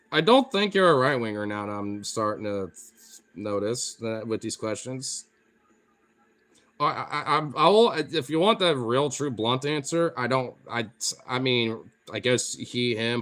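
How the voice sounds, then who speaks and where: A man with a Pacific Northwest accent, a streamer chatting casually with viewers, excitable, swearing freely and laughing often. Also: mid-range voice. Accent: Pacific Northwest American. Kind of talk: casual chat answering viewer comments.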